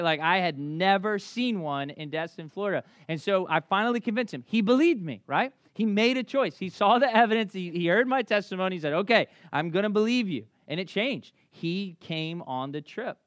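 A man's voice: high-pitched, no room sound. A man in his thirties from Memphis with a thick Southern accent, preaching a conversational, story-filled sermon. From Memphis, Tennessee. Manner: conversational, animated storytelling with quick restarts. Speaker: pastor.

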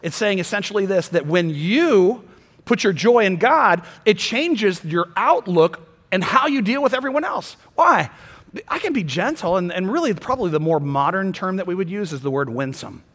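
Male pastor, higher voice, preaching a sermon, impassioned, loud peaks and soft drops, long hall reverb. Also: animated, moderate pace.

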